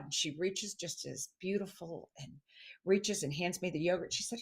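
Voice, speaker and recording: Lively storytelling woman, low voice. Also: moderate pace, breathy edge. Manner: animated storyteller, acts out quoted voices. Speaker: guest, stress expert. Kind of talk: casual interview chat.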